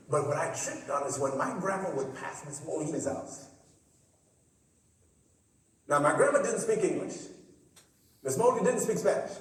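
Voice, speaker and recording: A man tells personal stories at a forum stage, animated and often restarting his sentences. His fairly high voice rings through a large hall with long reverb. He sounds far from the microphone, over a faint hum. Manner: animated, repetitive, acts out voices. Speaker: forum speaker. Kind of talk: personal storytelling speech. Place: college theater stage. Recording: echoey theater hall, distant mic.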